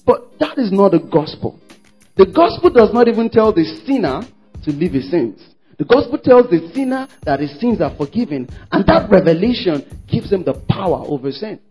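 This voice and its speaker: High-voiced, husky, emphatic male preacher. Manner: emphatic, repeats phrases, calls for congregation responses; acts out worshippers' quoted words in shifting voices. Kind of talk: sermon. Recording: dull lo-fi sermon recording with faint music.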